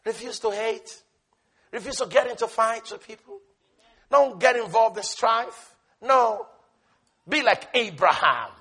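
A man preaching a sermon, impassioned and repetitive, swinging between shouting and hushed tones. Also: extremely high pitch, lively intonation, measured pace, slightly rough.

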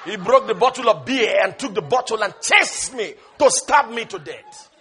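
A man preaching a sermon with fervor, swinging from shouted peaks to hushed asides and laughing as he goes. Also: high-pitched, expressive, normal speed, faint music behind, a faint crowd.

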